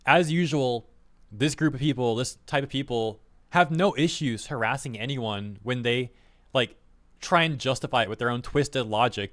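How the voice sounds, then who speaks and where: A man's voice: mid-range voice, a bit bright. Rambling, exasperated male streamer. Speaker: commentary streamer. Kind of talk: casual reaction commentary.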